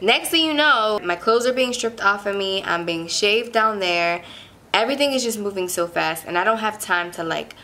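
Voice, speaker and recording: A woman's voice: mid-range voice, vocal fry, bright, forceful tone, slight background noise. A young woman from Pittsburgh telling a personal story in a casual, chatty way, full of "like" fillers and emphatic retelling. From Pittsburgh, USA. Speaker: vlogger.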